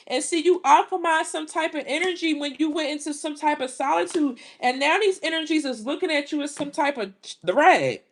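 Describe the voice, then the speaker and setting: A middle-aged woman, reading tarot in casual, animated talk full of exclamations. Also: high voice. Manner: animated, exclaiming, drawn-out reactions. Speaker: tarot reader.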